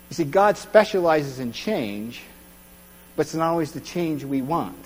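A man with a high, bright voice preaches in a relaxed, conversational way, often stopping to check that his listeners follow him. He acts out the voices of the crowd as he goes. The sound carries a long hall reverb over a low mains hum. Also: measured pace. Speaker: pastor. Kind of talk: sermon.

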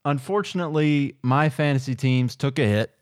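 Medium in pitch and moderate in pace, this man's voice is a little mellow, clear and resonant, captured dry with clean studio sound. As a podcast host in a casual chat, he laughs easily and rambles somewhat.

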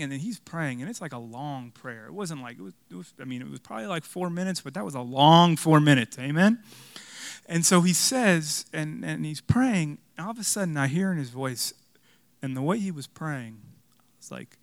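A man's voice: a little high, a little slow, creaky, long pauses, dry recording. Storytelling preacher man, dry close sound. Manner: storytelling, animated, self-mocking humor. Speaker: pastor. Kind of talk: sermon.

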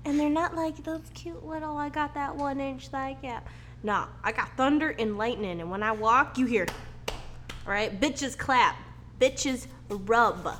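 A woman's voice: high voice, unhurried, fairly bright tone, a little hiss or hum. A woman co-hosting a casual podcast, telling stories in a joking, self-mocking way and swearing casually. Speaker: podcast co-host.

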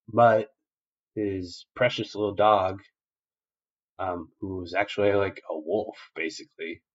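A man's voice: on the low side, muffled recording. A man co-hosting a podcast, recapping a show in loose, profane casual chat full of fillers. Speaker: podcast co-host.

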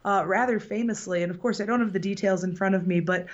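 A woman's voice: mid-range voice, quick pace. Woman podcast host, loose rambling storyteller who laughs easily, lo-fi sound. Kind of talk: casual chat.

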